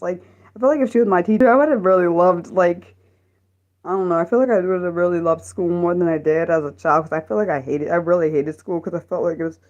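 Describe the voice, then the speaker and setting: A young woman chatting casually on a live stream, rambling and halting with many restarts and ums. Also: on the low side, a little mellow, highs cut off.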